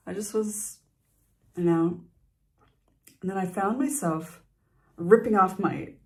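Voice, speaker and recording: A woman's voice: mid-range voice, slow pace, a little mellow. A middle-aged woman talking to the camera in a casual personal vlog, confiding, with frequent laughs, sighs and restarted sentences. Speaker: vlogger.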